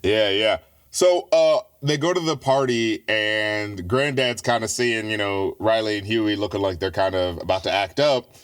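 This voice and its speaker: A man's voice: lowish voice, normal speed, smooth. A man co-hosting a podcast review, chatting casually, laughing often and acting out quotes. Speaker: podcast co-host.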